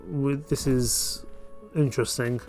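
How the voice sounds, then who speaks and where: A man chats through his playthrough of a strategy game, relaxed and a little self-mocking. His voice sits at an ordinary middle pitch, and quiet game music plays behind him. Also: slow pace. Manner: casual, self-mocking and chatty. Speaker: gamer. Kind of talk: casual let's play commentary.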